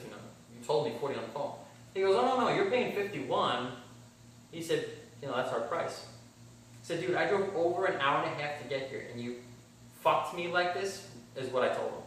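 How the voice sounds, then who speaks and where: Bluntly and with plenty of swearing, a man recounts buying a car for his casual vlog, voicing both people in each exchange. His voice is medium-pitched and a bit bright, picked up by a distant mic in a heavily echoing room with faint background hum.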